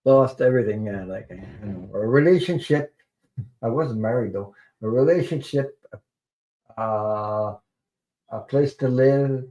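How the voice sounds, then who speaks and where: Male tarot reader on a live stream, earnest and rambling, mid-pitched voice, casual storytelling. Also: unhurried, mellow. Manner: earnest, rambling, repeats words for emphasis.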